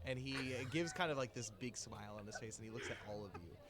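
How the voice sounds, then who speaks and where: A man's voice: fairly low pitch, quick pace, noisy background. A man narrating as game master of a tabletop game, casual and laughing often.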